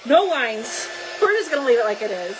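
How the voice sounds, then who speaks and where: A woman's voice: fairly high pitch, very animated, brisk, background noise. A woman hosting a casual crafting livestream, chatting and thinking aloud as she works. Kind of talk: casual live crafting chat.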